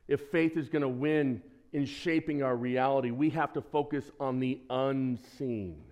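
A man preaching a sermon as pastor, lively and conversational, who quizzes the congregation and throws in joking asides. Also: mid-range voice. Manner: lively, asks the congregation questions, self-deprecating asides.

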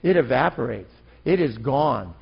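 A man's voice: mid-range voice, expressive, normal speed, gravelly, breathy edge, highs cut off. A man preaching an impassioned, emphatic sermon as a pastor.

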